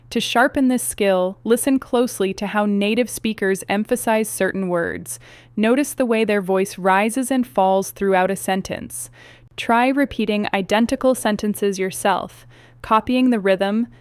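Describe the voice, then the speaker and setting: A woman reading a scripted English listening lesson in an even, measured way. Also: medium pitch, clean tone, no room sound. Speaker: English teacher. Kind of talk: scripted narration.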